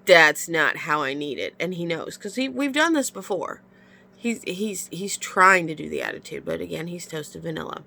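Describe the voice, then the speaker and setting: A woman's voice: fairly low pitch, lively intonation, moderate pace, creaky, pushed and bright. Tearful woman venting, stuffy-nosed. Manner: emotional, frank venting with sighs. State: stuffy nose from crying. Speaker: vlogger. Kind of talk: casual confessional vlog.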